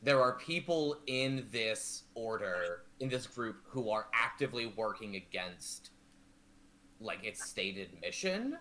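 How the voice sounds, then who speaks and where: A man playing in a tabletop game, describing what his character does. His voice is bright and his pitch moves lively. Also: slow, a little hiss or hum. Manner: expressive, narrates his character's actions. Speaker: player. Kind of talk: tabletop role-play narration.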